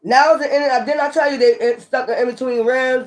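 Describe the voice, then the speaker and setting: A woman giving a casual, animated tarot reading, often scolding and repeating herself. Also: fairly high pitch, a little fast. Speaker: tarot reader.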